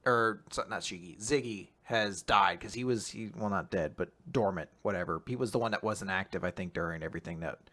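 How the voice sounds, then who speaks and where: Animated young man recapping manga. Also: deep voice, a little fast, hardly any pauses. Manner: animated, laughs often, acts out scenes. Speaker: podcast co-host. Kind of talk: casual manga recap chat.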